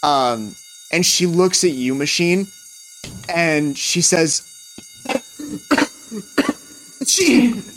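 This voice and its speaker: A man running a tabletop game as game master, narrating scenes and calling for rolls in a relaxed way. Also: fairly high pitch, slow pace, a little hiss or hum, rough recording.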